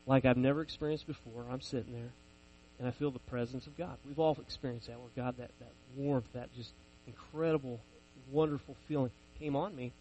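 A man's voice: medium pitch, steady tone, a little fast, warm tone, slight background noise, low-quality recording. Self-mocking preacher man telling stories. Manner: conversational, self-deprecating storytelling. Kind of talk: sermon with personal stories.

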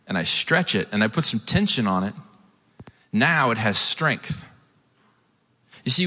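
Bright-voiced male preacher in a reverberant hall. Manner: storytelling, acts out quotes with rising pitch. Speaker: pastor. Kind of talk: sermon.

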